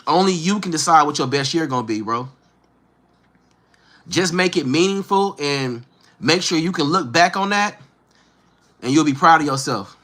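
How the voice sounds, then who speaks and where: A man in his thirties from Northern California talks loosely and slangily to his viewers, with a Northern Californian accent. His voice is bright and forceful and sits a little high for a man. He answers viewers directly in an easy livestream chat. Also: lively intonation, moderate pace, long pauses. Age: 30s. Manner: laid-back, slangy, talks straight to viewers. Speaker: livestream host.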